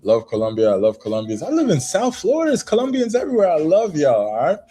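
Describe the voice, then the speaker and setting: A man talking briskly and defensively about his channel in a casual monologue. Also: on the high side, wildly swooping pitch, a crowd in the background. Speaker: content creator.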